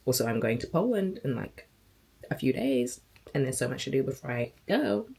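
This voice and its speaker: A woman in her twenties vlogging casually to camera, chatty and rambling, her voice hoarse and sore. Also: very deep voice, sing-song, moderate pace, warm tone. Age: 20s. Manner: chatty, rambling, self-talk. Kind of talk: casual vlog chat.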